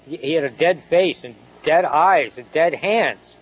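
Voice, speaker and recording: A man voicing a young male soldier writing home to his sister, halting and frightened. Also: fairly high pitch, poor audio.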